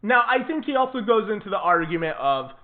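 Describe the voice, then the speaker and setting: A man hosts his own political commentary show with an indignant, emphatic delivery, hammering points home by saying them twice. His voice sits fairly high. The sound is thin and tinny, as if it came over a phone line. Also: very animated, a little fast. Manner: indignant, emphatic, repeats for stress.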